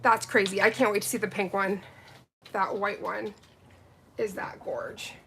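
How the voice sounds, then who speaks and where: A woman reviewing nail gels on a live stream, gushing and gasping with excitement and chatting to viewers. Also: mid-range voice, a little slow, slight background noise. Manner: gushing, gasping, breathy exclamations, greets viewers. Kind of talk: excited live unboxing chat.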